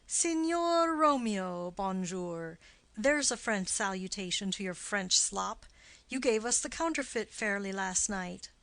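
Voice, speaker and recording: A woman's voice: medium pitch, expressive, gravelly, a bit bright, dry recording, full character voice. A woman reading the part of a witty, mocking young nobleman in an audiobook of a play. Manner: quick, punning banter.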